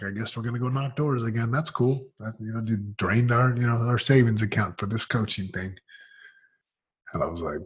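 Very husky-voiced man telling his story. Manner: energetic, fillers like "man" and "like"; swings from loud excitement to low murmur. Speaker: business coach, interview guest. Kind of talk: casual storytelling.

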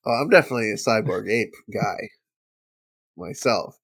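A man's voice: fairly low pitch, animated, moderate pace, a bit bright, dry recording. A man in casual podcast chat, laid-back and joking, swearing now and then.

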